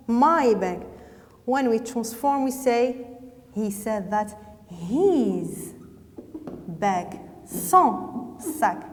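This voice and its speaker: A woman with a Moroccan accent teaching English grammar to a class. She talks slowly and deliberately, repeats words and slips into French now and then. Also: fairly high pitch, a little mellow, long reverb tail.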